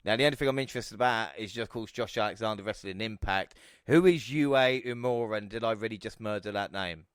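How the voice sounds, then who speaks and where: Brief: male podcast host, lively and chatty, mid pitch, dry close sound. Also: fast, no room sound. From England. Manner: lively, chatty, laughs easily. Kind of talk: casual chat.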